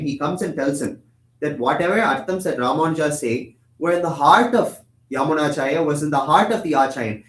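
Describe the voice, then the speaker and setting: Young male temple lecturer, brisk and explanatory, slightly high voice, echoey room. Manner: explanatory, asks and answers his own questions; chants Tamil verses quickly. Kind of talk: religious discourse.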